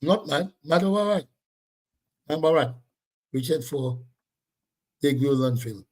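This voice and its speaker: Brief: male livestream host, loud and blunt, voice sits a bit high. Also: animated, unhurried. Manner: loud, blunt, repetitive scolding of commenters. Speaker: livestream host reading viewer comments. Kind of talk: casual livestream chat.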